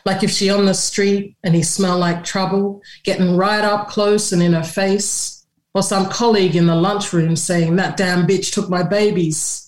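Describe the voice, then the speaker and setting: A woman's voice: medium pitch, fairly even intonation, a little slow. A woman poet reading her own poem aloud with a rhythmic, spoken-word delivery. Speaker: poet and author, guest. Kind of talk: poetry reading. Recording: echoey room sound.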